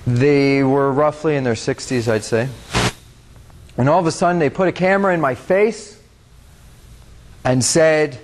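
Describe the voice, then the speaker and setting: A young man from the United States giving a public talk as a guest speaker. He tells a story in an earnest, conversational way, speaks straight to the audience and often fills pauses with "uh". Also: mid-range voice, slight background noise. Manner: earnest, conversational, talks to the audience directly, with frequent fillers.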